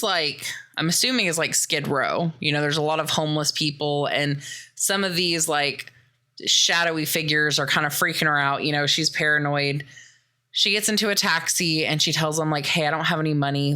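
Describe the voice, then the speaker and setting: A woman hosting a podcast, casually retelling a movie plot and acting out the characters' lines, swearing often. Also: low voice. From American Midwest. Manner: animated retelling, acts out quotes, swears often. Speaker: podcast host.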